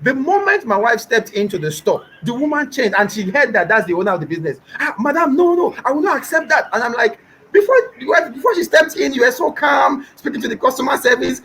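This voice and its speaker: Young Nigerian businessman, Nigerian accent, emphatic and repetitive, high-pitched voice, faint hiss behind. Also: lively intonation, brisk, a bit bright, low-quality recording. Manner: emphatic, repeats points, mimics callers. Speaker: business owner guest. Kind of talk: animated interview talk.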